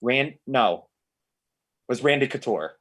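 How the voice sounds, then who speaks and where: Man, casual podcast chat, lively swooping pitch, stammering restarts, excitable. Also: takes it slowly.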